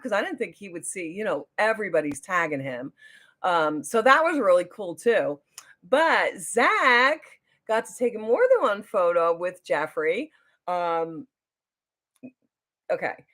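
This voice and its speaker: A woman, a beauty vlogger telling a story on a casual livestream at home. She rambles, loses her train of thought, and jumps into high, excited voices when she quotes people. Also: a little slow. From New Jersey.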